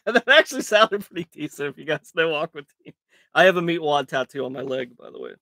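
A raspy-voiced man hosting a live card break, calling out cards in a crude, joking way and laughing often. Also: fairly high pitch, sharp tone, no echo. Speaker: host of a live trading card box break. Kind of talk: casual live-stream commentary.

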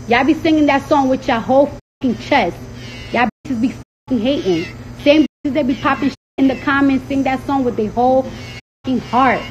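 A woman with a high voice rants to her followers, heated and swearing freely. She repeats words over and over for emphasis. The phone audio sounds a bit dull, with faint noise behind her. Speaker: rapper ranting to followers. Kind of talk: profane casual rant.

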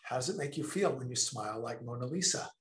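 A man presenting a creativity session in a lecture style, speaking expressively with emphatic, drawn-out pauses. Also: mid-range voice, expressive, roomy sound. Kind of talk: lecture-style talk to a remote audience.

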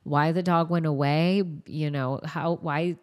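A woman's voice: deep voice, steady tone, unhurried. A woman dog trainer, a guest on a podcast, telling stories in a chatty, rambling way. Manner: chatty storyteller, loose and rambling. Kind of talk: casual podcast conversation.

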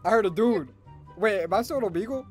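A man's voice: sits high, expressive, quick pace, over loud music. A man from Maryland hosting a prank video, teasing and flirting with strangers in loose, slangy banter. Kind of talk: casual video chat banter.

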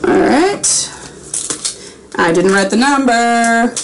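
A woman's voice: fairly high pitch, expressive, slow pace. Young woman, chatty, rambling, casual livestream talk, faint background noise. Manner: chatty, rambling, self-aware. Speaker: voice actress signing autographs on a livestream.

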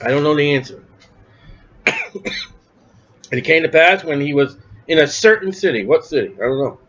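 A man with a high voice preaches a sermon in a conversational, questioning way. He asks questions and answers them himself, and he raises his voice to act out the people in the story. The recording is dull and lo-fi. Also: lively intonation, normal speed, fairly bright tone. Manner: acts out quoted voices with raised pitch.

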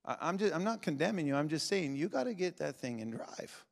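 A man preaching a revival sermon, swinging between shouting and quiet intensity and laughing often. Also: fairly high pitch, big pitch swings, fairly quick, gravelly. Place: large church sanctuary. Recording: long reverb of a big hall.

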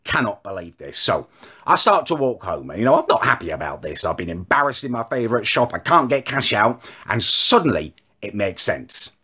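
A man's voice: on the low side, very animated, moderate pace, pushed and bright, breathy edge. A young man delivering an indignant, self-important comic rant to camera at home. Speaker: comedy vlogger. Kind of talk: ranting comic monologue to camera. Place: home, indoors.

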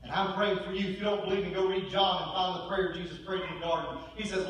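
A high-pitched, bright-toned male pastor preaches from a distance in a reverberant church sanctuary, faint room hum behind him. He moves between forceful declarations and hushed, near-whispered storytelling. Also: flat delivery, fast talker, few pauses, lo-fi sound. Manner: preaching with dramatic swings between loud and hushed. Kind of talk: sermon. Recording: echoey church hall, mic at a distance.

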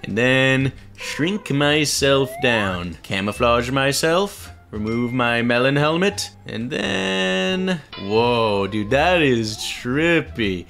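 A young man giving playful, excitable gaming commentary, teasing his friend and talking to the viewers. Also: mid-range voice, slow pace, gravelly, hardly any pauses, faint music behind. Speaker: YouTube gamer playing as Melon.

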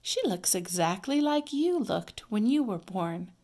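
A woman voicing a gentle, loving mother in a storybook read-aloud, soft, slow and tender. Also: medium pitch, lively intonation.

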